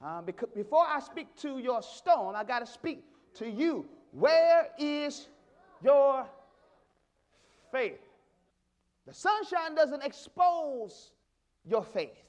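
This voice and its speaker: A man's voice: very high voice, big pitch swings, measured pace. A man pastor a sermon, emphatic, repeating his questions for effect.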